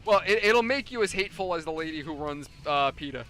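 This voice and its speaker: Bright-voiced New York streamer, chatty. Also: male voice, fairly high pitch, animated, quick pace, faint music behind. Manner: rambling storyteller, swears freely. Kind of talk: casual gaming chat.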